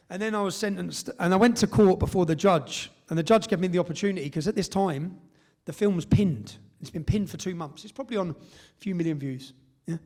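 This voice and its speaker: An English man speaking to a live audience in a fairly high register, telling his story with force. He presses each point and often checks in with a quick "yeah?" as he goes. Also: vocal fry, darkish tone. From England. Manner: emphatic, tags points with "yeah?". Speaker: speaker at a public event.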